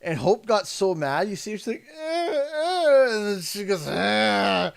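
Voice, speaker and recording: High-voiced and fairly quick, this Canadian man in his thirties chats casually as he livestreams a game. He loves telling stories, laughing, and acting out voices.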